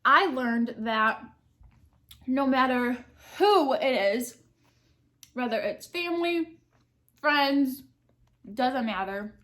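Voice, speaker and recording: A young woman answering question cards while eating, talking candidly and thinking aloud. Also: fairly high pitch. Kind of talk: casual mukbang chat.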